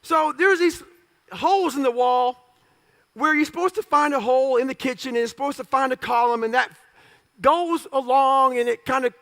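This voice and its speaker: A man's voice: very high-pitched, normal speed, bright, forceful tone. A man telling his story in a blunt, profane, punchy way as an interview guest before a live audience. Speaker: guest speaker.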